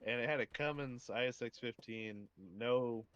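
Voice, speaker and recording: A man's voice: mid-range voice, steady tone, moderate pace, lo-fi sound, crowd noise. A man streaming a game, telling a long rambling trucking story in casual chat and laughing at himself. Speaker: streamer, former truck driver. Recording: gunfire noise behind voice. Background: game gunfire and explosions.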